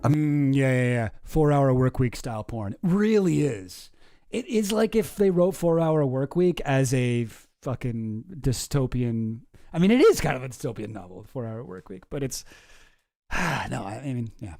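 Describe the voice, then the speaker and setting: A man's voice: mid-range voice, expressive, a little slow, vocal fry, mellow, dry recording, studio quality. A man giving casual, sarcastic, profane reaction commentary on a video.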